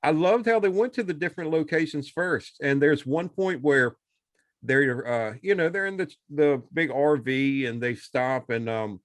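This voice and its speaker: A man's voice: fairly high pitch, measured pace, no echo. A man casually retelling a movie, rambling along and acting out the characters' lines. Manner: rambling, animated retelling with acted-out quotes. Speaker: podcast co-host. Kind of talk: casual chat.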